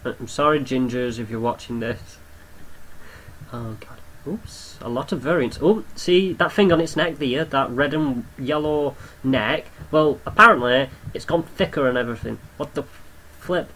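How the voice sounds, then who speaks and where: A young man giving casual game commentary, excitable, swearing often and talking to the creatures on screen. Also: mid-range voice, moderate pace, a little hiss or hum, rough recording. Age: young adult. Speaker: gamer commentator.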